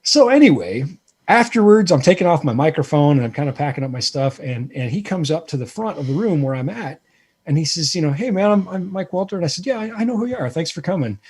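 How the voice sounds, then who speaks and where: Husky man telling a rambling story. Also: fairly high pitch, fast. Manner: animated, self-deprecating, rambling with many fillers. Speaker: guest, lighting presenter. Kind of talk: casual storytelling chat.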